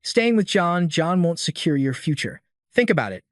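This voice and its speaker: Calm grim young swordsman, man reading him, firm, slightly high voice, dry sound. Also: normal speed, no room sound.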